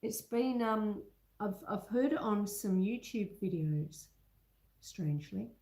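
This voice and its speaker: A woman's voice: mid-range voice, expressive, slow pace, long pauses, dark tone, reverberant. A woman hosting a home baking livestream, chatting casually and reading out viewers' comments while she bakes, calling people love and sweetheart. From Australia. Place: home kitchen.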